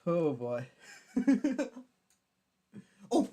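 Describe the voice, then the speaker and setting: A man's voice: sits high, huge pitch swings, drawn-out words, dark tone, slight background noise. A young man, chatting on a casual live stream while building a model kit, hyper, giggly, swearing and rambling. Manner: hyper, giggly and profane, rambling self-mockery.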